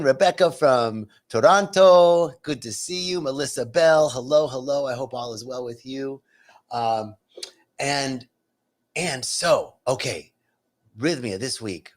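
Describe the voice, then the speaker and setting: An enthusiastic man talks casually to his live stream audience, greeting viewers warmly by name. His voice sits at an ordinary middle pitch. He streams from a retreat center. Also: expressive, unhurried.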